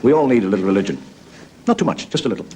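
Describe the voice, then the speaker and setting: A man's voice: on the low side, animated, rapid-fire, crowd noise, background noise. A man telling jokes in a wry, conversational stand-up monologue. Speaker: stand-up comedian.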